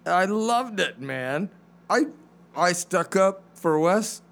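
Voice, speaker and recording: A man co-hosting a casual podcast, loud and stubborn, rambling as he argues. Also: high voice, lively intonation, slow pace, creaky. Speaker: podcast co-host.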